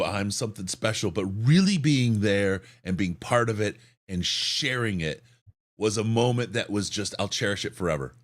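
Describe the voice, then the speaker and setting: A man co-hosting a sports podcast who tells an excited story in a hoarse voice, often repeating words. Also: on the low side. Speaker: podcast co-host.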